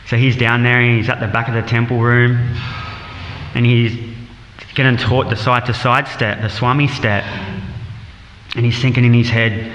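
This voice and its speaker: A man's voice: medium pitch, normal speed, long pauses, slight background noise. A man telling a story during a temple scripture class, acting out the lines of its characters. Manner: lively anecdotal storytelling, acts out quotes. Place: temple hall. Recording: dull echoey temple hall.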